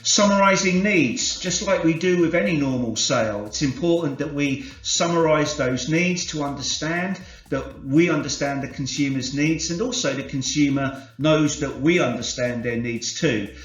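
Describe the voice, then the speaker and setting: A man from the UK leading a corporate sales training session, explaining concepts in a measured way and varying his inflection to demonstrate. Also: on the high side. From United Kingdom. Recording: roomy, slightly dull, soft music behind.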